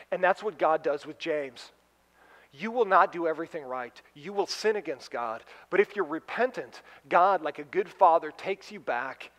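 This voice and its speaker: A man preaching a sermon as pastor, animated, acting out kids and parents in quick asides. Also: fairly high pitch, big-room sound. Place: church sanctuary.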